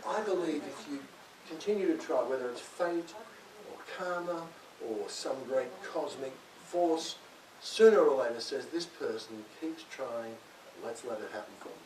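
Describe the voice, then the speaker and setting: A man's voice: mid-range voice, animated, a little slow, darkish tone. An older man giving a chatty, self-mocking talk to an audience and laughing often at his own jokes. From Australia. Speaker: author speaking at a library event. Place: library hall. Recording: distant, echoey hall with hiss.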